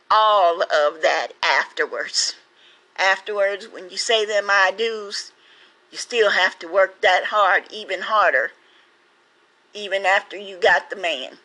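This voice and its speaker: A woman podcaster speaking in a slow, halting, heartfelt way, giving casual shout-outs and then reading a poem. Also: fairly low pitch, low-quality recording. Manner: slow, halting, heartfelt, with many pauses and repeats.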